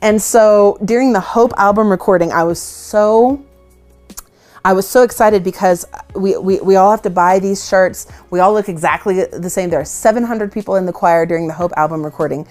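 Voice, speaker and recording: At medium pitch and normal speed, with a darkish tone and soft music behind, a woman worship leader talks. She casually tells stories that make fun of herself in an interview, often laughing.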